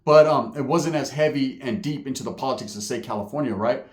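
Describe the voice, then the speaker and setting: A man's voice: mid-range voice, a little fast. A man who is a former inmate, telling a story casually in profane street slang. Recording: echoey room.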